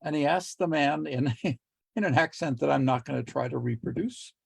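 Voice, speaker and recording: A middle-aged man teaching communication skills in a relaxed lecture, telling jokes with quoted voices and small laughs. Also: on the high side, normal speed, vocal fry, breathy edge, dry recording. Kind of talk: lecture with joke anecdotes.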